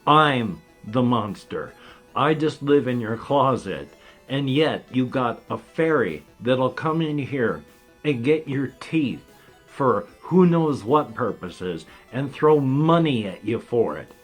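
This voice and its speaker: A man's voice: fairly low pitch, lively intonation, takes it slowly, husky, faint music behind, heavily acted. A man voicing an offended, self-pitying male closet monster, whiny and indignant, with a slight denture whistle. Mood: wounded.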